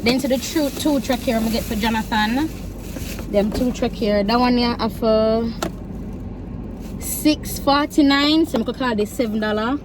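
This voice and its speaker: A woman's voice: a little high, normal speed, noisy background. A young woman from Jamaica with a Jamaican accent, chatting casually in a travel vlog and slipping into patois when she tells stories. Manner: chatty, animated storytelling with patois quotes. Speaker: vlogger. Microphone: phone.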